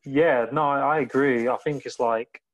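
A man's voice: mid-range voice, steady tone, moderate pace, low-quality recording. A man who hosts a podcast and also coaches, thinking aloud in loose phrases full of fillers. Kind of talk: casual interview conversation.

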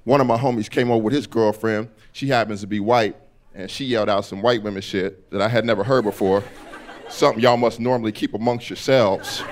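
A man performing a stand-up comedy set on a club stage, animated and acting out characters. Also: fairly low pitch, a little fast, a little hiss or hum.

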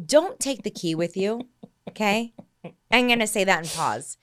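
Lively, laughing woman podcast co-host. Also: mid-range voice, unhurried. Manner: animated storyteller, laughs often. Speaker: podcast co-host, listing agent. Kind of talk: casual podcast chat.

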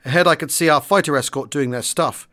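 A man reading a wartime memoir aloud in the first person, steady and understated. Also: on the high side, fairly quick. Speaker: audiobook reader.

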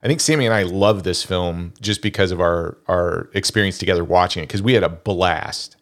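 A man co-hosting a casual podcast, talking in halting bursts and often restarting his sentences. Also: deep voice. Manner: halting, repeats words and starts over. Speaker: podcast co-host.

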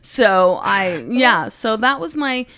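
A woman in her forties, a stand-up comedian, telling animated stories with frequent laughs in a casual podcast chat. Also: on the high side, no echo. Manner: animated, laughs often, quick asides. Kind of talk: casual anecdote storytelling.

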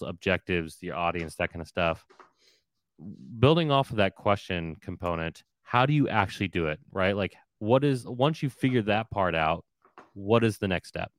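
A man's voice: low-pitched, no echo. A man hosting a casual interview podcast, talking in long rambling questions with many restarts. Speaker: podcast host.

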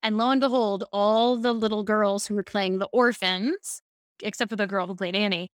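A woman from Baltimore, a speaking coach, telling lively stories as a podcast guest. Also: medium pitch, moderate pace, clear, resonant tone, no room sound, clean studio sound. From Baltimore, USA. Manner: lively storyteller, animated asides. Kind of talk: casual podcast interview.

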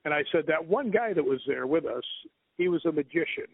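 A man with a fairly high voice tells a long, rambling ghost story as an interview guest. He acts out the other people's lines as he goes. The sound is thin and phone-like, with no room at all. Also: brisk, vocal fry, husky, dry recording. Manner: rambling, animated retelling with quoted dialogue. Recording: tinny phone line, dry.

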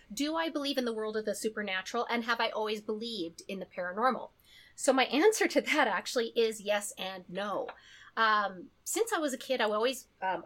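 A woman's voice: mid-range voice, bright, forceful tone. A chatty woman from the prairies, a podcast guest who laughs often while telling a personal story. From Canadian prairies. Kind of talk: casual chat and storytelling.

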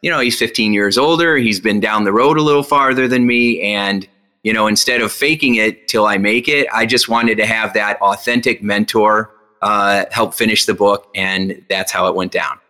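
A man guest, a hypnotist and speaker, telling lively stories and acting out what people said to him. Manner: energetic, acts out quoted dialogue with big pitch jumps; slow, guided instruction when teaching the breathing exercise. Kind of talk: animated storytelling in an interview.

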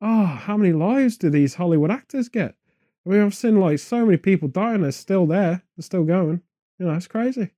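A man rambles from one absurd idea to the next in a deadpan comic chat. His voice is mellow and a touch high for a man. It is recorded close and dry, with no room sound. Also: brisk, dry recording. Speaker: podcast co-host.

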